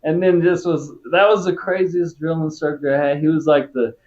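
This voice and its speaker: A man's voice: fairly high pitch, steady tone, normal speed, darkish tone, muffled recording. A man from Texas, a former Marine, telling stories in a casual interview in a laid-back, profane way. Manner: profane, laid-back, peppers talk with "dude" and "right?".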